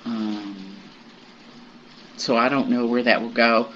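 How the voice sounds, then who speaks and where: A group member sharing personal news in a meditation group, halting and reflective, with many pauses and fillers. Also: medium pitch, fairly even intonation, a bit bright. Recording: muffled recording with faint hiss.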